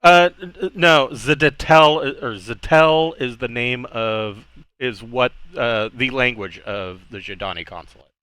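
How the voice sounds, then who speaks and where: A man narrates a tabletop game as its game master. His voice is bright and clean, caught close and dry with no room sound. He stops often on fillers and restarts his sentences. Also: medium pitch, clear, resonant tone, no room sound. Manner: halting, many fillers and restarts.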